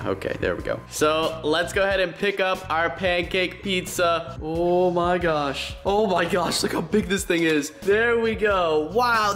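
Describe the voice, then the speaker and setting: A man hosting a casual home vlog, excitable and exclaiming often. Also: on the high side. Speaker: vlogger host. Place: indoors at home. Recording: echoey room, faint music.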